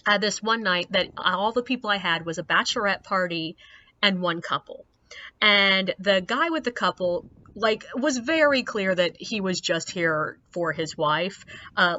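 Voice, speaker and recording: Bright-voiced woman telling wry tour stories. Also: medium pitch, muffled recording. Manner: wry, animated, mimics people in quotes. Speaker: ghost tour guide. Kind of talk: casual storytelling to camera.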